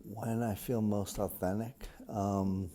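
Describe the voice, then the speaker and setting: A fifty-year-old man with a Boston accent, reading a passage and answering interview questions with many ums and pauses. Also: lowish voice, level tone, dark tone. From Cape Cod, Massachusetts. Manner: hesitant, many ums and uhs.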